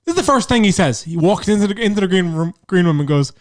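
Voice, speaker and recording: A man co-hosting a podcast, cutting in with quick jokes and telling his own stories. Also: sits high, animated, no echo, clean studio sound. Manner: wisecracking, jumps in with jokes. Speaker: podcast co-host. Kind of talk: casual chat.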